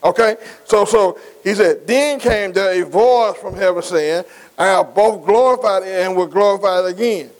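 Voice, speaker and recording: A male pastor with a high voice preaches at a moderate pace, firing rhetorical questions at the congregation and repeating words as he builds in call-and-response style. The recording is rough.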